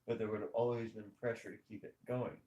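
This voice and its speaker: A man's voice: lowish voice, little pitch movement, quick pace, mellow, dull audio, a little hiss or hum. A man hosting a casual podcast, talking emphatically about movies and firing off rhetorical questions. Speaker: podcast host. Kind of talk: casual opinionated chat over gameplay. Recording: echoey room.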